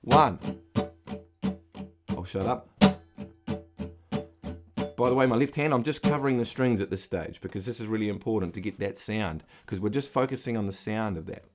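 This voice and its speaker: A man's voice: fairly low pitch, a little fast. A middle-aged man giving a guitar lesson, patiently explaining and counting the beats aloud as he strums. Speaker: guitar teacher. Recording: loud guitar strumming under the voice. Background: acoustic guitar being strummed.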